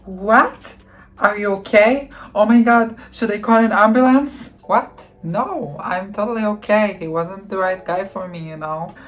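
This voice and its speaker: A woman voicing loud, gushing young women friends in an overdramatic, shrill way. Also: unhurried, few pauses, soft background music, close to an everyday voice.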